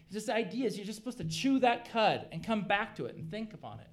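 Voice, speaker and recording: A man's voice: high voice, sing-song, fast. A middle-aged man preaching a sermon, talking casually and building to emphatic peaks. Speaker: pastor.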